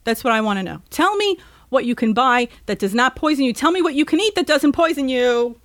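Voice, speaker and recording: A woman's voice: high voice, expressive, brisk, a bit bright, no room sound, clean studio sound. A woman hosting a podcast, ranting in an agitated, sarcastic and profane way before chatting with a caller. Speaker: podcast host. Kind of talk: ranting monologue, call-in chat.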